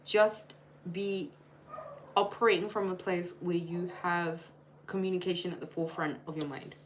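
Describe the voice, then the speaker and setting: A woman's voice: fairly low pitch, fairly even intonation, moderate pace, a little hiss or hum, poor audio. A woman live-streaming a tarot reading, chatty and playful, addressing each star sign directly. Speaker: tarot reader.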